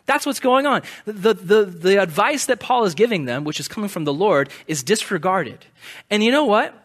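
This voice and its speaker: A male preacher with a notably high voice delivers a relaxed, conversational sermon. He is animated and playful, slipping into the voices of the people he talks about. His delivery stays chatty and lively. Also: normal speed. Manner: animated, acts out quoted voices.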